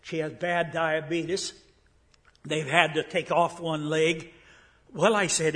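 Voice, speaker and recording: An older man preaches as a visiting speaker in a church sanctuary, telling a story in a folksy way. His voice sits a little higher than average and he often pauses with fillers and restarts his sentences. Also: a bit bright. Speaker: guest preacher. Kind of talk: sermon storytelling.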